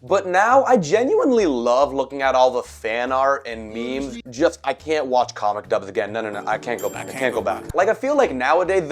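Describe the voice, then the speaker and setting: A man in his twenties with a scratchy, cracking voice, giving profane, animated commentary on a video game. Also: medium pitch. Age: 20s. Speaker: video essayist. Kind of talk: ranting commentary.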